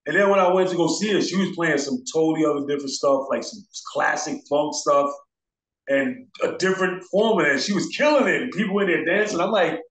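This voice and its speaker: A man's voice: a little high, brisk, a bit bright. A man, a DJ guest in an interview, telling stories casually and acting out the voices of people he quotes. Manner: laid-back, acts out quoted voices. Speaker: DJ and turntablist guest. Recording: roomy echo.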